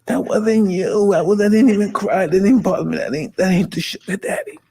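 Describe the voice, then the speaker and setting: A man in his fifties talking intensely and emotionally, profane and halting, in a casual conversation. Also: high-pitched, dark tone, slightly rough. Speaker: podcast host.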